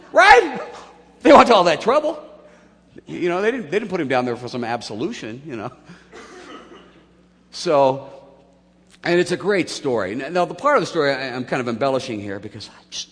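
A man preaching a sermon, telling the story with lively acted-out voices and jokes. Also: a little high, a little fast. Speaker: pastor. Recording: long hall reverb.

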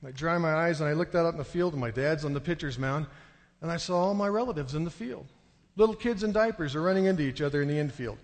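A man preaching a sermon to a congregation, telling a story with animated, excited delivery. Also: on the high side, fast talker. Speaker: pastor. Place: church sanctuary. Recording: long hall reverb.

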